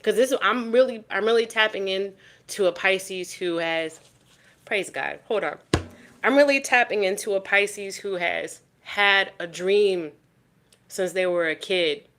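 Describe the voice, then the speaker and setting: A woman giving a casual tarot reading straight to the viewer. She is animated and swears freely, and she repeats phrases for emphasis. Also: mid-range voice, measured pace. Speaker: tarot reader.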